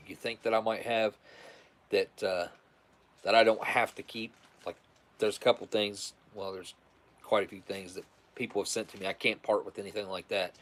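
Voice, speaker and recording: Rambling man signing off his livestream. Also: lowish voice. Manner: rambling, repeats words, relaxed thanks to viewers. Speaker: livestream host. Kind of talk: casual livestream sign-off chat.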